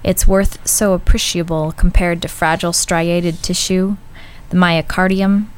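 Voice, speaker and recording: Woman reciting poetry in a low voice. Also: little pitch movement, clear, resonant tone, poor audio. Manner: measured, deliberate recitation. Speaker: guest poet. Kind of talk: poetry reading.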